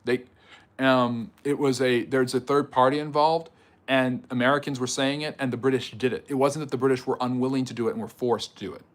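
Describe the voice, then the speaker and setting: A man hosting a livestream history lecture, answering chat questions in a conversational way with fillers and quick rebuttals. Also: medium pitch, steady tone.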